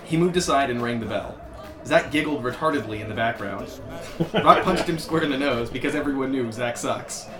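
A man's voice: mid-range voice, brisk, over music. A man reading aloud in an echoey room. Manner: keeps breaking into laughter. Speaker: podcast host. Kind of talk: reading a comic story aloud. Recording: echoey room with loud background hum.

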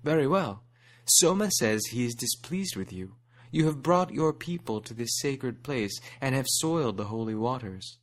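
A small, clever rabbit leader with an earnest, formal way of speaking, as a man puts him on. He sounds like a storybook hero addressing a king, and his voice sits at a middle pitch. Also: animated, normal speed, close to an everyday voice.

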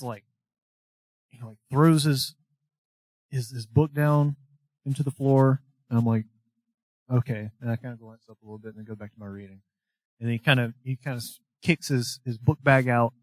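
A man's voice: medium pitch, no echo. A young man co-hosting a podcast, telling a long story in casual chat, rambling, swearing and laughing as he goes. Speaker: podcast co-host.

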